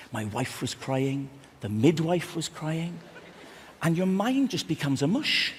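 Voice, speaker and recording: A man from Wales telling a long story on a theatre stage, slow and dramatic. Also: medium pitch, big-room sound, a little hiss or hum. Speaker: stand-up comedian. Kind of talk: stand-up storytelling.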